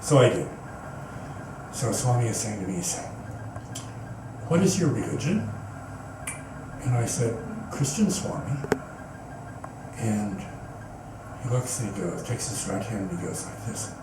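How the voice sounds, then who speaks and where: A man's voice: on the low side, normal speed, long pauses. A man giving a personal storytelling talk as guest speaker at a spiritual center, earnest and rambling, often restarting his sentences. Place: meeting hall, indoors. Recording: echoey hall, distant mic, background noise.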